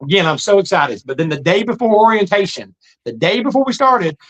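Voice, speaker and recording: Fast-talking man, earnest. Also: high voice, very animated, low-quality recording. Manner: earnest, plain-spoken, folksy. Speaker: trucker telling his life story. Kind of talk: casual storytelling monologue.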